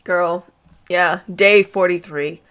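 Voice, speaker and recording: A woman's voice: fairly low pitch, steady tone, slow, a bit bright. A woman reading fan fiction aloud as a comedic dramatic reading, with amused, sarcastic asides.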